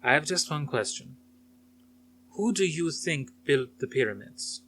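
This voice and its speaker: A man reading aloud, voicing a stylish elderly woman who speaks slowly with a faint foreign lilt. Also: a little high, lively intonation, fairly bright tone, slight background noise, voice pushed up. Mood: measured.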